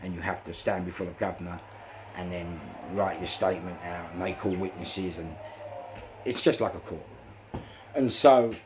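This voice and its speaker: A man with a London accent recounting prison episodes in animated storytelling, acting out the exchanges and often saying "you know". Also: sits low, moderate pace, slight background noise. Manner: acts out quoted exchanges, frequent "you know" fillers. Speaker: interviewee recounting prison life.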